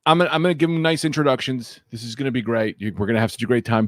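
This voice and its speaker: A man hosting his podcast in casual chat, loud and profane, swinging between hyped shouting and low mumbling. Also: no room sound, studio quality. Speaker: podcast host.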